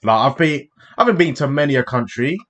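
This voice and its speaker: Hosting a reaction video, this UK man chats bluntly and casually, addressing viewers directly as "man." He's a fast talker with a mid-range, fairly bright voice and lively intonation.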